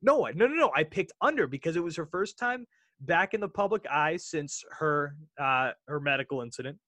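A man co-hosting a sports podcast, talking in an excitable, rambling way that keeps doubling back on itself. His voice sits a little on the high side, and the sound is dry and close. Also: brisk, no echo. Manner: rambling, self-correcting, excitable. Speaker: podcast co-host. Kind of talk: casual sports chat.

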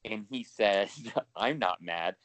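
A man's voice: lowish voice, expressive, takes it slowly, fairly bright tone, no echo. A man co-hosting a podcast in casual chat, talking freely with lots of swearing and laughter. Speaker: podcast co-host.

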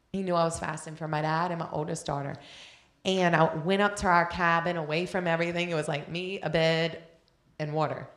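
A woman's voice: lowish voice, roomy sound. A woman preaching a sermon, telling a personal story with passion and drawing out her phrases. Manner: impassioned storytelling, drawn-out phrases.

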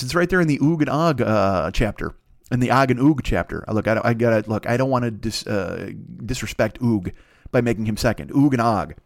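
A man hosting a comedy podcast, improvising a rambling, profane story. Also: medium pitch. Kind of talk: improvised comic rant.

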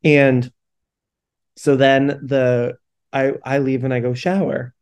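A man's voice: medium pitch, level tone, takes it slowly, a little mellow, clean tone. A young man hosting a podcast, telling a candid, self-deprecating story in casual talk, swearing freely and often laughing at himself. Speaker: podcast host.

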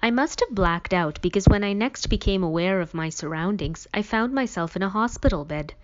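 A woman reading a novel aloud as an audiobook reader, in a plain, even storytelling manner. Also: mid-range voice, fairly quick. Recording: dull lo-fi recording.

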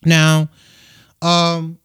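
Young male podcast host, soft low-key voice, smooth and dry, loose slangy ramble. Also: completely flat delivery, drawn-out words, dry recording. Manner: rambling, slangy, swears freely, many fillers. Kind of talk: casual solo podcast. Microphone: USB microphone into a phone.

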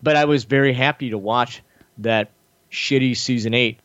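A man's voice: normal speed, dry recording, muffled recording. A man in casual chat, telling a long story with lots of swearing and acting out other people's lines. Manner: profane, animated storytelling, acting out others' lines with big pitch jumps. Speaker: podcast host telling a story.

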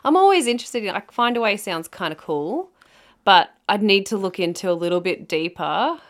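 A woman author co-hosting a podcast, thinking aloud in a relaxed, hesitant way. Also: medium pitch, moderate pace. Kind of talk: casual podcast chat.

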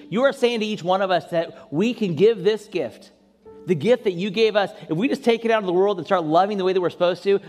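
A man preaching as a pastor, then leading an impassioned prayer that swells at its peaks. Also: big-room sound. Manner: impassioned prayer, rising high and loud at peaks. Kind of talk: sermon closing and prayer.

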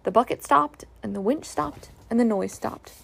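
Woman narrator, storybook reading, slightly high voice with gravel. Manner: gentle, measured reading.

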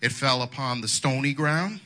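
A man's voice: mid-range voice, normal speed, bright, forceful tone. A male pastor preaching a sermon in a folksy, colloquial way, wandering into asides.

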